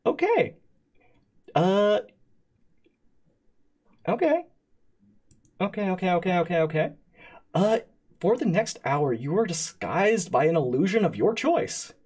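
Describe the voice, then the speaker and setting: A man narrating as game master of a streamed tabletop game, pausing often with fillers and restarts. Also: sits high, big pitch swings, darkish tone, husky. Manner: halting, many fillers and restarts. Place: streaming setup.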